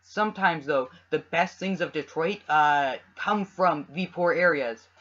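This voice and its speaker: A man's voice: on the high side, fairly bright tone. Rambling young Canadian man, lo-fi. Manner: rambling, halting, restarts often. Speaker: podcast co-host. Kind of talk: casual chat. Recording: dull lo-fi home recording.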